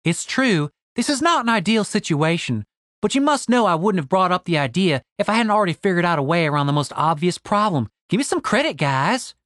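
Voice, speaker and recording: A man playing a cocky, quick-witted young woman warrior who teases her companions, in a fantasy audiobook. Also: on the low side, big pitch swings, fairly bright tone, dry recording, clean studio sound. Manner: bold, quick-witted, teasing.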